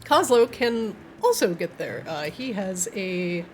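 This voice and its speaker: A woman's voice: mid-range voice, sing-song, slow, darkish tone, soft background music. A woman running a tabletop game as game master, narrating with casual asides and frequent laughter.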